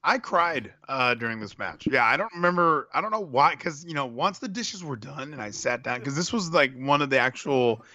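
Guy with a bright, forward voice, rambly and open, dry close sound. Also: medium pitch, animated, moderate pace, hardly any pauses, no room sound. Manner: candid, sentimental and rambling. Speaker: podcast co-host. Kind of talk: casual wrestling chat.

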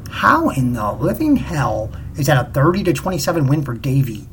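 A man hosting a casual solo podcast, rambling and excitable, often repeating himself. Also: mid-range voice, moderate pace, a little hiss or hum. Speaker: podcast host.

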